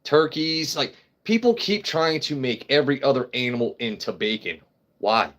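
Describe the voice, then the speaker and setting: A man's voice: mid-range voice, expressive, normal speed, a bit bright. A man hosting a casual livestream and chatting to his viewers while drinking, rambling, joking and swearing freely. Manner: rambling, talks straight to chat viewers. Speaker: livestream host.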